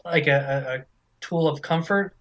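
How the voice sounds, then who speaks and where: A man's voice: a little high, moderate pace, a bit bright, muffled recording. A man co-hosting a casual book discussion podcast, talking loosely with some swearing and reading quoted passages aloud. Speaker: podcast co-host.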